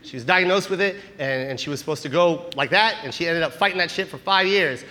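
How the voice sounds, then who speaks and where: A male stand-up comedian telling animated, profane stories on stage, recorded live in a large hall. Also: fairly high pitch, a little fast, heavy background noise. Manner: animated, profane, act-out storytelling. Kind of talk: stand-up storytelling. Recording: live show in a hall with audience. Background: audience laughter.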